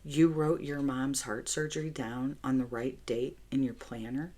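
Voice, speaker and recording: A woman imitating her middle-aged husband, stretching out his slow, mock-calm words. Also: rumbling low, exaggerated voice. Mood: patiently puzzled. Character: patient, puzzled husband, middle-aged man.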